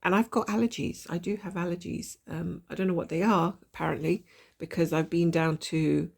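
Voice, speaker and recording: A woman with a gravelly voice and a blocked nose from a cold, chatting casually and thinking aloud while she stitches, with a self-deprecating manner. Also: fairly low pitch, steady tone, normal speed. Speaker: cross-stitch vlogger. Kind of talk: casual stitch-along chat.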